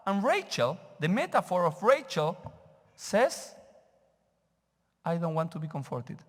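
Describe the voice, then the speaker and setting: A man's voice: high-pitched, wildly swooping pitch, a little slow, long pauses. A man, teaching a sermon as a rabbi and questioning his congregation. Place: synagogue sanctuary. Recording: reverberant sanctuary.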